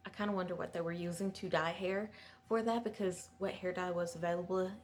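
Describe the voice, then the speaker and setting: A woman recaps a TV episode in a relaxed, casual way. She goes off on small tangents and sounds sympathetic toward the characters. Faint background noise sits under her voice. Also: on the low side, a little fast. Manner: chatty, digressive, sympathetic. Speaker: show recapper.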